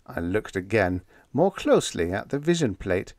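A man narrating a humorous story in the first person, with lively, expressive storytelling. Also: on the low side, moderate pace, dry recording, studio quality. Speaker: audiobook narrator.

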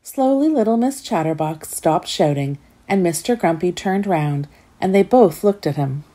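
Woman reading a kids' book aloud: gentle, lowish, mellow and breathy. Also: animated, normal speed, few pauses. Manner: gentle, asks listeners questions. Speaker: storyteller.

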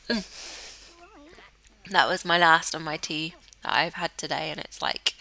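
Speaking at a measured pace, a young woman from Cornwall, England, with a Cornish accent provides casual let's-play commentary for her gaming YouTube channel. Her fairly low voice is bright and forceful with vocal fry, and she coaxes her character forward, at times whispering.

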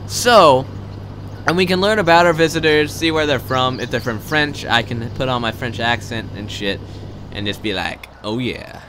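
A young man giving live gameplay commentary. He is excitable and swears a lot, swinging between loud outbursts and muttered asides. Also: mid-range voice, normal speed, a little hiss or hum.

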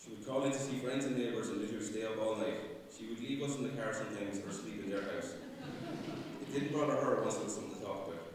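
A man, reading a fond, gently humorous eulogy for his mother at a funeral Mass. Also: fairly low pitch, quick pace, background noise. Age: 50s. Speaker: son giving a eulogy. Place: large church. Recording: echoey church, voice from far off.

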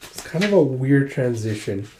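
A man's voice: medium pitch, very animated, moderate pace, darkish tone. A man casually retelling a comic as he reads it, rambling and filling gaps with "like". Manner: rambling, full of "like". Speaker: host reading a comic aloud. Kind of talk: casual readthrough narration. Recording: roomy echo.

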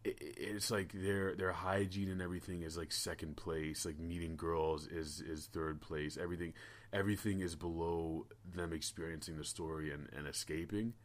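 A man with a low-pitched voice and fairly even intonation, at a moderate pace, hosts a casual podcast. He tells stories in a rambling way, stammering into restarts and swearing.

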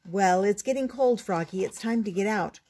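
A woman's voice: mid-range voice, moderate pace, warm tone, lightly acted. A woman voicing a patient mother frog who coaxes her young son, for a storybook reading. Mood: coaxing. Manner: coaxing, encouraging.

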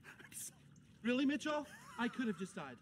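An actor playing a theatrical, boastful sitcom dad who grew up on a farm. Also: male voice, extremely high pitch, big pitch swings, normal speed, background noise.

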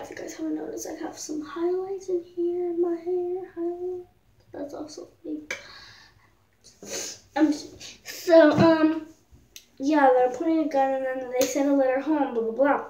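Recorded off-mic in an echoey room, the audio sounds dull and distant. The speaker is a teenage vlogger with a high, dark-toned voice, spinning a story in a rambling, jokey style packed with fillers.

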